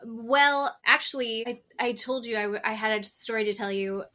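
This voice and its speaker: Woman in her 30s, bright voice, chatty podcast cohost telling a story, lots of laughing. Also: fairly high pitch, moderate pace. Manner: animated storyteller, laughs through the telling, quotes others. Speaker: podcast co-host. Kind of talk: casual chat, storytelling.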